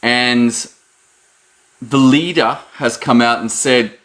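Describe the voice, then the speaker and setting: A man giving a lively motivational talk to camera, leaping up in pitch to stress his points. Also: slow. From Australia. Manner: animated, jumps high in pitch for emphasis. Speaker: host.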